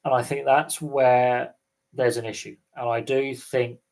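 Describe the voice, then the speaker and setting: A man chatting casually as host of a live Q&A stream. He rambles from point to point, thinking out loud with plenty of ums and restarted phrases. His voice sits at an ordinary middle pitch for a man. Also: level tone, a little slow, creaky, low-quality recording. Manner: rambling, thinks aloud with many fillers and restarts. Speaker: sports livestream host.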